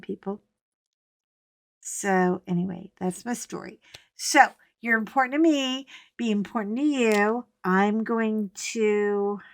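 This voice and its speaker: A middle-aged woman talks to her viewers in an easygoing, storytelling way while she works on a craft at home. Her pace is unhurried and she breaks into animated bursts and laughter. The sound is dry and close, with no room echo. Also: mid-range voice, creaky. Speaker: vlogger. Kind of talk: casual chat while crafting.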